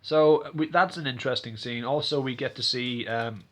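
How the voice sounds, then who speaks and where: A man's voice: medium pitch, moderate pace. A man giving a casual, rambling recap of a TV episode, full of fillers and restarts, acting out characters' lines in exaggerated voices. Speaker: TV episode reviewer.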